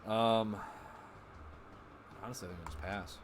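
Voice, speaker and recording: A man streaming a card game live, thinking aloud about his plays, excitable and self-mocking. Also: lowish voice, unhurried, slight background noise.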